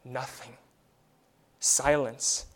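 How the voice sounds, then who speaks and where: A man preaching a sermon as a pastor. He leans on rhetorical questions and drops to a quiet voice for effect, sometimes repeating words as he starts a thought. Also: mid-range voice, little pitch movement, extremely slow.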